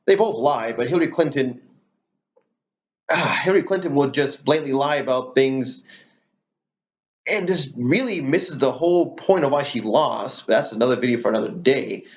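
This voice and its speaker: A man's voice: mid-range voice, lively intonation, normal speed, dull audio. A man hosting his own political commentary channel, ranting heatedly with plenty of swearing and fillers. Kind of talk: solo rant to camera.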